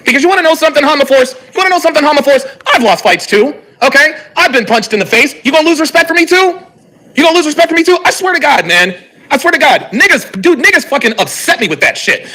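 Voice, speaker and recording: A man with a strikingly high voice delivers heated reaction commentary on a live stream. His tone is bright and cutting, and he sounds exasperated and profane as he argues back at his viewers' comments. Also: quick pace. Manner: animated, exasperated, profane, reads chat aloud.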